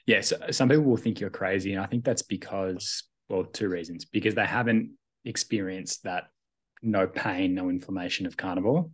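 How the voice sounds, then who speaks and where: A man's voice: low-pitched, moderate pace, husky. A man co-hosting a podcast, talking casually and reflectively while agreeing with his guest. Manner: reflective, agreeing with short backchannels. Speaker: podcast co-host. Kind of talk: casual conversation.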